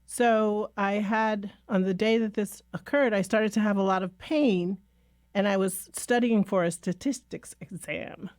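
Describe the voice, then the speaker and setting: A woman co-hosting a podcast, speaking in a measured and thoughtful way. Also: mid-range voice, steady tone, darkish tone, no echo, clean studio sound. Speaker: podcast co-host. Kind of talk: casual podcast conversation.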